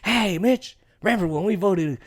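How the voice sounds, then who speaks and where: A man's voice: high-pitched, moderate pace. A man putting on an impression of an elderly male president, chummy and folksy.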